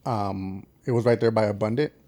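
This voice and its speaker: A man's voice: on the low side, normal speed. A man with an El Paso Texan accent, telling a road story on a casual podcast, cursing often and acting out what people said. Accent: El Paso Texan English. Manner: animated, swears constantly, acts out quotes. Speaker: podcast co-host.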